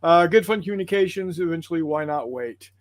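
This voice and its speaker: A man's voice: fairly high pitch, expressive, brisk, no echo. A man hosting a tabletop gaming livestream, chatting casually and rambling apologetically through viewer comments with plenty of fillers.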